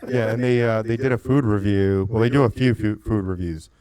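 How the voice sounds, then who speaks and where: Guy with a low voice riffing on a podcast, swears a lot, acts out what people said. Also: a little fast, clear, resonant tone, no echo. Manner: animated storytelling, swears, acts out quotes. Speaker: podcast co-host. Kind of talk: casual chat.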